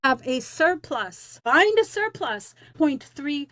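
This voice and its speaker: A woman's voice: sits high, expressive, measured pace, few pauses, sharp tone, no room sound. A woman who is a teacher on leave, talking in a casual vlog rant, blunt, slangy, defiant and rambling with lots of fillers.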